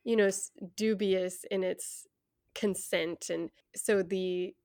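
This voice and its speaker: A woman's voice: mid-range voice, fairly even intonation, slow pace, a little mellow, no room sound, studio quality. A young adult woman co-hosting a podcast, talking frankly and earnestly with frequent laughs. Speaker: podcast co-host. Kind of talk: casual chat.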